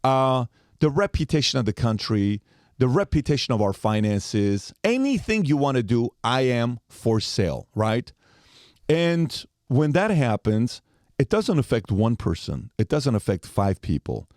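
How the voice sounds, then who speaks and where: A man's voice: mid-range voice, sing-song, a little slow, darkish tone, dry recording, clean studio sound. A man in his forties telling a long story as a podcast guest, acting out the quoted lines as he goes.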